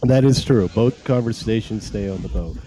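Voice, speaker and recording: A man's voice: on the low side, normal speed, mellow, a little hiss or hum, low-quality recording. A man hosting a casual podcast, rambling with many fillers and laughing at himself. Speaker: podcast host.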